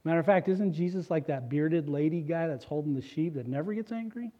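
A middle-aged pastor preaches with earnest, personal storytelling, his voice a little higher than most men's yet mellow and warm in tone. The recording sounds slightly dull and muffled, as if it has lost some of its high end. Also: a little fast. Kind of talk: sermon.

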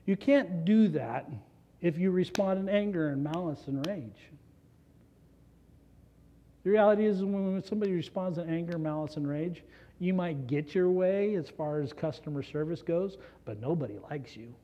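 A man's voice: on the high side, moderate pace, warm tone, slight background noise. A man preaching a conversational sermon as a pastor, earnestly putting rhetorical questions to the congregation. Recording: dull lo-fi recording.

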